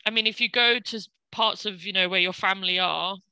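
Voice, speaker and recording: A woman with an English accent, a guest chatting casually and warmly with many fillers. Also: mid-range voice, steady tone, a little fast, clean tone, dry recording, low-quality recording. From England, London. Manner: chatty, frequent fillers and laughs. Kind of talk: casual conversation.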